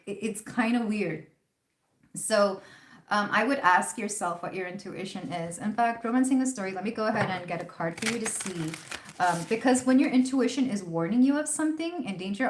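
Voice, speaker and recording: A woman hosting a live tarot reading, chatting casually and rambling with fillers. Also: mid-range voice. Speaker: tarot reader hosting a livestream. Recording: roomy echo.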